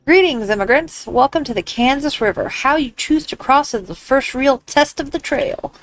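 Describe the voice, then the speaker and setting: Woman voicing a male ferryman, put-on accent, video game dialogue, slightly high voice. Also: animated, normal speed, no room sound, low-quality recording. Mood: matter-of-fact. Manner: put-on accent, reading his lines aloud. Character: male ferryman, frontier river-crossing operator.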